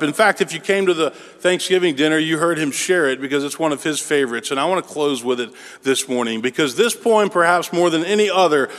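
A man preaching a sermon as pastor, measured and earnest, with slow, drawn-out emphasis on key words. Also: on the high side, a bit bright, big-room sound.

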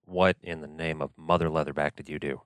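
A stern crewmate in a tabletop role-play demands to know what happened, his voice low and steady, as a player gives him voice. The sound is dry and close. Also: brisk, smooth, no room sound.

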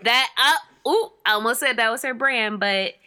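Podcast co-host: young woman, bright voice, playful and jokey, casual slang. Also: fairly high pitch, moderate pace. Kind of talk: casual chat.

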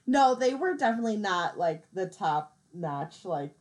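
A woman's voice: mid-range voice, very animated, a little mellow. A woman chatting casually about a film, agreeing readily and laughing along. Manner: agreeable, laughing, quick back-channel replies.

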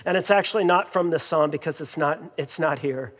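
A man delivers a sermon in a church sanctuary, his voice sitting high for a man. He talks to the congregation in an easy, conversational way, full of fillers and repeated phrases. His words ring out with a long reverb from the big hall. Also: brisk, fairly bright tone. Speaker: pastor.

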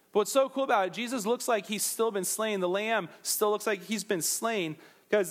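A man preaching a sermon, animated and chatty, dropping jokey asides to his listeners as he explains scripture. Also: high-pitched. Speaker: pastor.

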